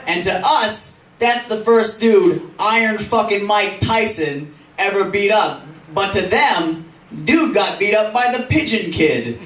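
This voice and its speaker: A man's voice: high voice, unhurried, few pauses, fairly bright tone. A young man doing a stand-up set, crude and self-mocking, laughing through his punchlines. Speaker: stand-up comedian. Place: comedy club stage. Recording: roomy club, distant mic, audience laughing. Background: audience laughter.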